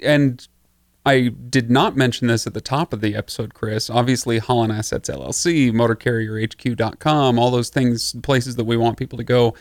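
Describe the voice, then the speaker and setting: An easygoing man co-hosting a podcast, chatting casually at a mid pitch. The sound is dry and close, with no room around it. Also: fairly even intonation, normal speed, no room sound. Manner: easygoing, wraps up with plugs. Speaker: podcast co-host.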